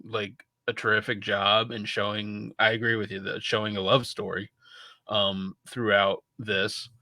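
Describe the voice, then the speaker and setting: In a dry recording, a medium-pitched man with a sharp tone co-hosts a podcast. He chats casually about a film, rambling with lots of restarts and casual swearing.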